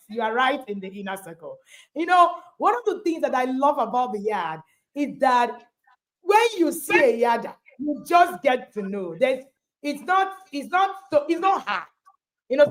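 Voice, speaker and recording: A high-voiced woman hosts a parenting livestream. She is exuberant and chatty, her pitch leaping around as she laughs and hypes her guest. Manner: exuberant, animated, laughs often. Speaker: host and parenting coach. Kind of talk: livestream interview.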